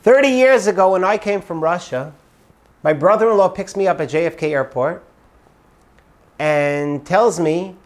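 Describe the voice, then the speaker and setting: An elderly grandfather, emotional and earnest, pleading to be believed, as a storyteller puts him on. The voice sits high and bright for a man.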